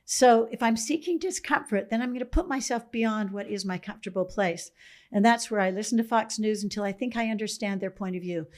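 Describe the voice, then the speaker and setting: A woman guest in a conversation, telling stories in a reflective, musing way, often clearing her throat. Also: medium pitch, a little fast.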